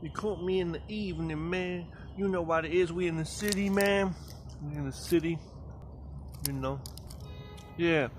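A man's voice: fairly high pitch, normal speed, pauses often, faint music behind. A young man vlogging outdoors in a city garden in the evening, rambling in slang, swearing and joking as he films himself on a handheld camera. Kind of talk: casual walk-and-talk vlog.

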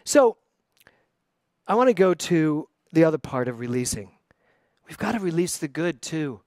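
An older man preaches a sermon and tells a story from his own life, acting out the voices of the people in it. His voice sits a little high, and the recording is dry and close. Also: normal speed, no room sound. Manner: animated storyteller, acts out quotes. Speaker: pastor.

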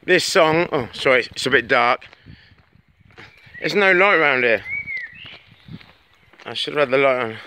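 A man rambling chattily into his phone while walking home on a dark road at night, swearing freely as he talks. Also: medium pitch, expressive, unhurried, pauses often. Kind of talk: casual vlog monologue. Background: birds tweeting, faint outdoor noise.

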